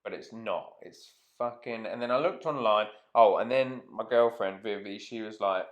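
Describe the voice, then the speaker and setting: A man's voice: lowish voice, moderate pace, dull audio. A man telling a rambling, casual anecdote to camera, swearing freely and trailing off mid-sentence. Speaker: vlogger.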